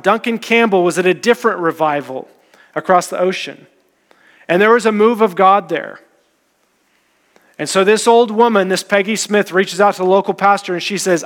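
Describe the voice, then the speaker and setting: High voiced guy preaching, earnest storyteller, lots of hall echo. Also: fairly bright tone. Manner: earnest storytelling, quoting figures in passing. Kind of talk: sermon storytelling.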